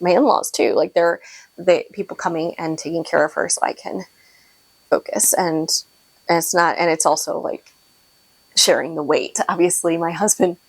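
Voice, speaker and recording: A woman's voice: fairly low pitch, gravelly, no room sound. A woman in her thirties hosting a knitting podcast, talking in a rambling, chatty way with frequent laughs and restarted sentences, close to her microphone. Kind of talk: casual chat to camera.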